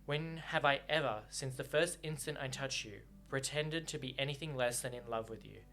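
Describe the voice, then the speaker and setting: A man's voice: mid-range voice, normal speed, sharp tone, a little hiss or hum. A man reading aloud as a young prince and heir who speaks in cutting, bitter, sworn outbursts. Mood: bitter anger.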